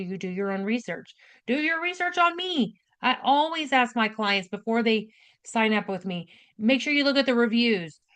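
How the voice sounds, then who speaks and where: A woman nurse giving a casual spoken health lesson, direct and chatty, often checking in with "right?" and "okay?". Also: fairly high pitch. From United States. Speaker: nurse educator hosting a health class.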